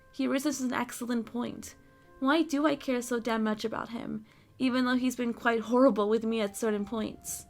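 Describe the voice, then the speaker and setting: Flustered lady reading a visual novel out loud, higher voice with a gravelly edge, faint music behind. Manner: flustered, stumbles over words and scolds herself. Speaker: let's play host.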